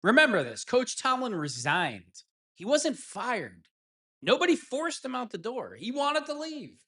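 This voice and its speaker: A man's voice: extremely high pitch, huge pitch swings, measured pace, sharp tone, husky. A man hosting a solo live-stream sports talk show, rambling and mocking in a sarcastic tone.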